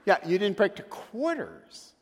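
A man delivers a sermon in an animated storytelling manner, slipping into acted asides and quick rhetorical questions. His voice sits high and moves a great deal in pitch. The sound carries the long reverb of a large hall. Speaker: pastor.

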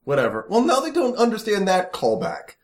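A man co-hosting a podcast with a voice pitched a bit high for a man. His pitch swings widely as he bounces between jokes. He keeps breaking into mimicry of other people. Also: huge pitch swings, brisk. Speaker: podcast co-host. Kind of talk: casual banter.

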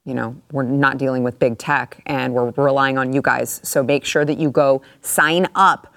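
A woman hosting a political talk show, chatting casually with a sarcastic, animated edge. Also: very deep voice, moderate pace, no room sound. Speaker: show host.

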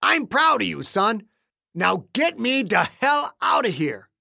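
A man reading aloud, voicing a gruff, wounded older man calling out across a boat in an audiobook. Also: extremely high pitch, big pitch swings, slow, bright, forceful tone, dry recording, studio quality, voice pushed up, exaggerated voice.

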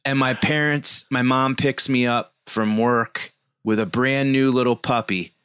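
In a mid-range, fairly even voice, this podcast co-host in his forties takes his time, sounding fairly bright, clear, and resonant. The studio sound is clean with no echo. His casual storytelling wanders and is packed with filler words.

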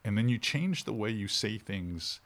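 A middle-aged man, a fishing instructor talking in a casual interview with animated, shifting inflection. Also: on the low side, moderate pace.

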